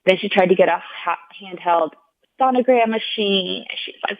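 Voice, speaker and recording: A woman's voice: mid-range voice, normal speed, no echo. Earnest woman guest on a tinny line. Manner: earnest, heartfelt retelling, heavy use of "like"; acts out the people she quotes in raised voices. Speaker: podcast guest. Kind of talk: personal storytelling in a conversational interview. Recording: tinny phone-like sound, dry.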